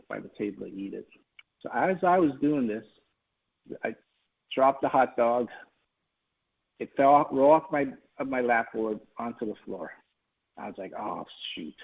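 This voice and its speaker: Gravelly man telling a story, tinny line. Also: medium pitch. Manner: storytelling, folksy, many fillers. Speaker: presenter. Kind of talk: webinar talk with a personal story. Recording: tinny phone-line sound.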